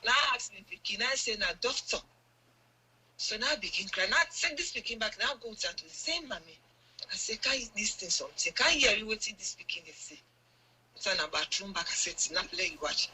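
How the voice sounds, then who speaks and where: An older woman with a Sierra Leonean Krio accent tells her story on air in long, earnest runs. She quotes each exchange as she goes. Her voice sounds very bright and sharp against a faint hiss. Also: mid-range voice, lively intonation, a little fast, rough recording. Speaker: guest, mother telling her account. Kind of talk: radio interview testimony.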